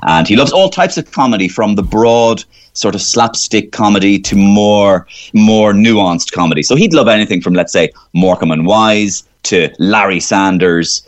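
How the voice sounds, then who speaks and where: A comedian from Waterford, Ireland, with an Irish accent rambles animatedly as a guest in a radio studio interview, slipping into voices as he tells stories. His fairly low voice moves at a moderate pace with few pauses.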